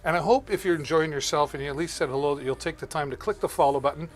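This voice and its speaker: A man's voice: fairly high pitch, fast talker. A man hosting a live shopping stream, chatting casually and greeting viewers by name as he demos products. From Canada.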